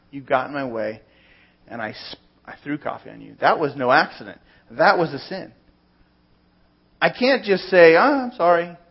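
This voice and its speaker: A man with a husky, slightly high voice preaches in an easy, conversational way. He leans on everyday examples to make his points. The recording sounds dull and lo-fi. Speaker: pastor. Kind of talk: sermon.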